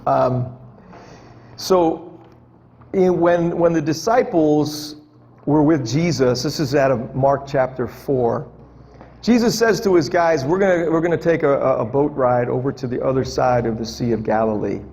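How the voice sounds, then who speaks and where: A man's voice: medium pitch, measured pace, vocal fry, darkish tone. A man preaching a conversational sermon to a congregation, joking with them and asking them questions. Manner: chatty, jokes with the congregation, asks them questions. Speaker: pastor. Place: church hall with a live audience. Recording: reverberant hall, faint background noise.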